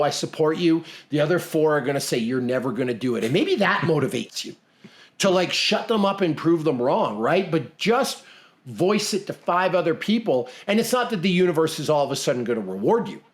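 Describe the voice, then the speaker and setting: A man's voice: on the high side, animated, normal speed. A middle-aged man from Canada co-hosting a podcast, talking bluntly and emphatically in casual motivational chat, often repeating himself. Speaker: podcast co-host.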